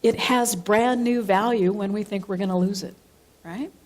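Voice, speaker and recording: A woman minister preaching in a church, her voice at a middle pitch. She tells a personal story and circles back over her points, repeating and rephrasing them. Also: a little mellow. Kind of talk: sermon with personal anecdote. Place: church sanctuary.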